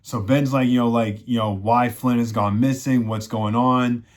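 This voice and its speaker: A man's voice: medium pitch, fairly even intonation, moderate pace. A man casually recapping a TV season in a rambling way, full of "you know" fillers. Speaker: show reviewer.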